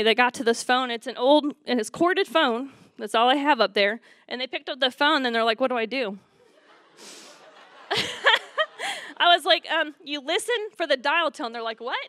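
Woman, church testimony, high bright voice, dry close sound, chatty. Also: a little fast, no echo. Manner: chatty, upbeat, laughs while telling stories. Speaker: youth leader giving testimony.

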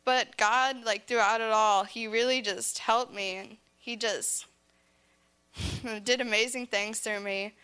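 Bright, clear-voiced teenage girl. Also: on the high side, steady tone, takes it slowly. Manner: earnest, says "like" often, laughs between phrases. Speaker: speaker sharing a camp testimony. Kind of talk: personal testimony to a church audience.

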